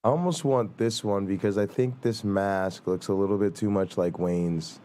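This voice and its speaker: A man's voice: fairly low pitch, moderate pace, mellow. A man with a New Jersey accent hosting a live stream, rambling casually and swearing as he thinks aloud. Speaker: livestream host.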